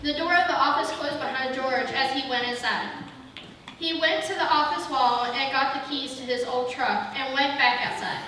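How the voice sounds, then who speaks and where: A woman's voice: high voice, fairly even intonation, moderate pace, pushed and bright. A woman reading a Christmas story aloud in a church, with small slips she corrects as she goes. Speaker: reader. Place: church sanctuary. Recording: echoey hall from far off, faint hiss.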